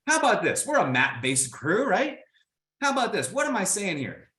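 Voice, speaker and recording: A man's voice: high voice, normal speed, reverberant. A man from Indiana giving a motivational keynote talk, playful and speaking straight to his audience. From Indiana, United States. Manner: animated, playful, addresses the audience directly.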